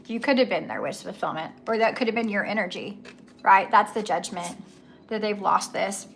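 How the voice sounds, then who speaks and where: A woman's voice: medium pitch, moderate pace, vocal fry, a bit bright, slight background noise. A young woman giving a casual tarot reading, chatty and emphatic, with slangy asides and repeated key words. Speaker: tarot reader.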